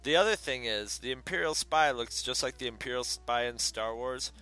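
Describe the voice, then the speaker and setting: A man's voice: mid-range voice, moderate pace, sharp tone, smooth. A man in casual chat, rambling through a comic plot with many fillers and asides.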